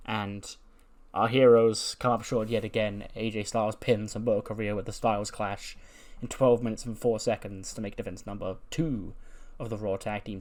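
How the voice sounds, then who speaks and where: A man's voice: fairly low pitch, darkish tone. A man casually commentating on his wrestling simulator playthrough, laid-back and prone to swearing. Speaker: gaming channel host.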